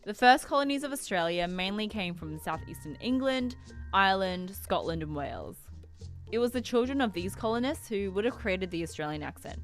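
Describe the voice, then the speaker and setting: A woman narrating a news explainer segment in a measured, scripted delivery. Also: medium pitch, sing-song, faint music behind. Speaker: news reporter.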